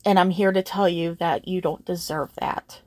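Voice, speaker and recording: A woman's voice: fairly low pitch, fairly even intonation, normal speed, no room sound. A young adult woman hosting her channel, talking to her viewers in a heartfelt, earnest way, emotional and holding back tears. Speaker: channel host. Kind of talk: heartfelt personal talk to viewers.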